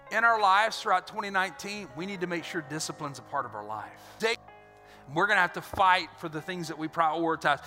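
A man preaching a sermon as pastor, energetic and animated, acting out little scenes. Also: high voice. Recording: reverberant hall with faint music.

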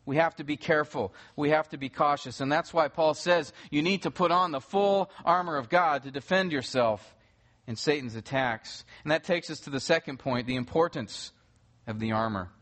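A man's voice: fairly high pitch, normal speed, a bit bright. Earnest man preaching a sermon. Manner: earnest, rises to urgent emphasis; teaching, explains scripture step by step. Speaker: pastor.

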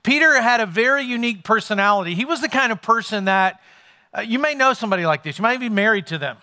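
A man's voice: high voice, expressive, quick pace, pushed and bright. A man preaching a sermon as pastor to a congregation in a church, talking in a conversational way and joking with his listeners.

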